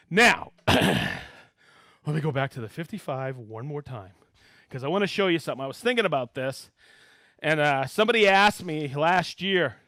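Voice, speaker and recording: A man hosting a live tool demonstration stream, talking excitably, laughing often and calling out to the room as he reads viewer shout-outs. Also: fairly high pitch, no room sound.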